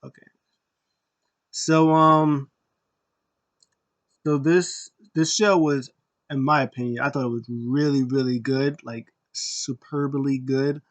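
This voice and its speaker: A man casually recapping a wrestling show, rambling with many fillers and restarts, getting animated when he retells what was said. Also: medium pitch, takes it slowly, long pauses.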